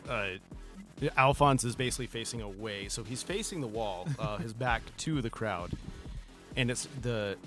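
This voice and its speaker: A man playing in a tabletop game, speaking in character in an earnest, playful way. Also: medium pitch. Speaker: player.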